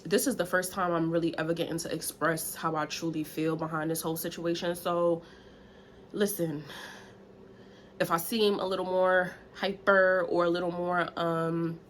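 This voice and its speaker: A woman's voice: on the low side, fairly bright tone, slight background noise. A woman, chatting candidly in a story time vlog, a little out of breath. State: slightly out of breath. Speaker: vlogger. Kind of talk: casual story time chat.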